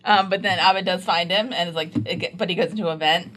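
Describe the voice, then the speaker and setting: Bright-voiced woman recapping casually. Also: on the low side, steady tone, quick pace. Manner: rambling, hedging with fillers like "like" and "kind of". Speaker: reaction show co-host.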